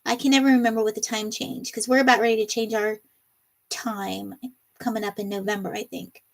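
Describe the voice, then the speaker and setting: A woman's voice: fairly high pitch, little pitch movement, brisk, vocal fry. A middle-aged woman hosting a casual livestream, reading viewer comments aloud and laughing often in a bubbly, chatty way. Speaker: livestream host.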